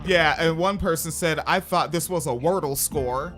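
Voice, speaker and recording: A man's voice: fairly high pitch, normal speed, a bit bright. A man hosting a live chat show, rambling and hesitant, often amused. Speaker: host.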